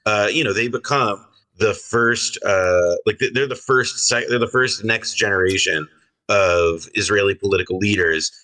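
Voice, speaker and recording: Bright-toned, hesitant male guest. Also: lowish voice, moderate pace, recorded from a distance, low-quality recording. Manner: hesitant, full of fillers. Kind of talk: conversational commentary.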